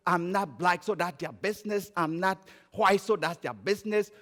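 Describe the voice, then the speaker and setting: A man from Liberia with a Liberian accent, preaching a sermon and telling stories, moving between emphatic raised phrases and quiet low ones. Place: church sanctuary. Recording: church sanctuary with long reverb.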